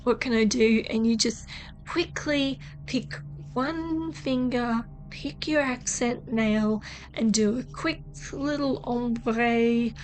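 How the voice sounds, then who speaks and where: A woman's voice: fairly high pitch, slow, darkish tone. A woman with an Australian accent, chatting casually and joking as she shows a nail tutorial, with frequent swearing. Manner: chatty, swears freely, jokey. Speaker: nail artist vlogger.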